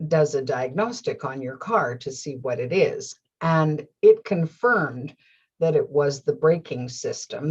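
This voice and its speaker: A middle-aged woman recounts a personal story to her viewers, laughing often and performing her own inner voices. Her voice sits low and a touch husky. The recording is a little dull. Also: a little mellow. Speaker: host. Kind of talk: storytelling monologue.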